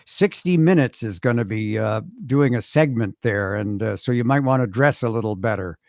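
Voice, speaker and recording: A man's voice: mid-range voice, normal speed, a little mellow, no echo, clean studio sound. A man guesting on a chat show, telling wry, self-deprecating stories about his acting work. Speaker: guest actor. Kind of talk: casual anecdotal chat.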